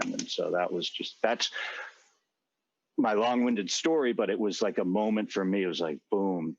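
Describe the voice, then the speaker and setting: Deep-voiced and middle-aged, a podcast co-host shares a long personal anecdote conversationally, earnest and meandering with many fillers and false starts. The recording has no echo, and the highs are cut off.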